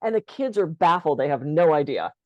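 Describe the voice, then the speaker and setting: A woman co-hosting a podcast, telling stories in a lively way and acting out the quoted lines. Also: low-pitched, a little fast, dry recording, dull audio. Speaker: podcast co-host. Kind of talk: casual podcast conversation.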